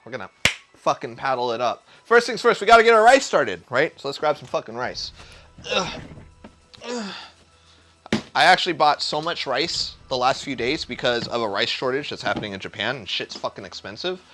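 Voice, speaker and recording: A man's voice: mid-range voice, animated, moderate pace, pushed and bright, slight background noise. A young man chatting through a casual cooking livestream from a home kitchen, rambling, swearing a lot and sounding hyped. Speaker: cooking streamer. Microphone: neck-mounted camera.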